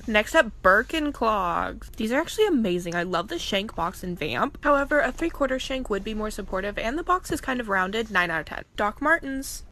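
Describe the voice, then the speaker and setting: A woman with a fairly high voice delivers a scripted comedic review in brisk, matter-of-fact verdicts. Clear noise sits behind her. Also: bright, forceful tone. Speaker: dancer rating shoes.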